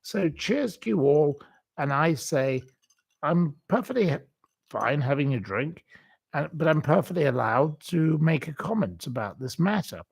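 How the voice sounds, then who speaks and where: A man's voice: a little high, lively intonation, unhurried, gravelly, slightly rough. A man hosting a livestream, reading out viewer comments and ranting bluntly with repeated insults. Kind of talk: casual live-chat rant.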